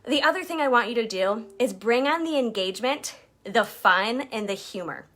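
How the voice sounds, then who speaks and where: A woman's voice: a little high, lively intonation, moderate pace, a bit bright. A woman leading a direct-sales team, giving a chatty motivational coaching talk and acting out quotes in jumpy voices.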